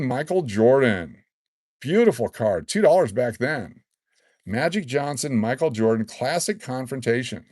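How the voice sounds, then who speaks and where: A man in his sixties hosting a casual live stream, excitedly reading out collectible cards and rambling into stories. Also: medium pitch, measured pace, dry recording, clean studio sound. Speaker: livestream host giving away collectible cards.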